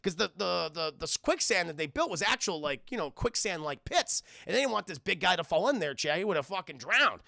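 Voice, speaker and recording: A man's voice: high voice, sing-song, brisk, creaky, few pauses, pushed and bright, no room sound. A young man streaming a casual, profane film recap, rambling and often addressing his chat, on a close mic. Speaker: film reviewer streaming live.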